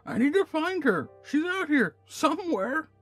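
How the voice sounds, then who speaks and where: A man's voice: sing-song, fairly bright tone, no room sound, soft background music, full character voice. A shaky, frail old ghost man. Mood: lost, pleading. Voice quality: high-pitched, shaky, quavering. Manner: slow, faint, pleading.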